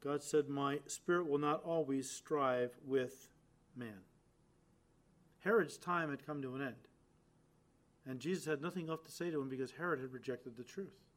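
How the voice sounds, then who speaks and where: A man preaching a sermon, stressing phrases loudly and dropping to quiet, low endings, turning to the listeners and acting out quoted lines. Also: moderate pace, long pauses. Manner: addresses listeners directly, acts out quoted lines.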